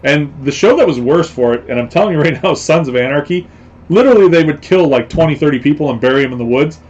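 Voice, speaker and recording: A man's voice: on the high side, expressive, fast talker, a little mellow, muffled recording. A man hosting a casual live stream, rambling along with lots of fillers and repeated phrases. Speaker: host.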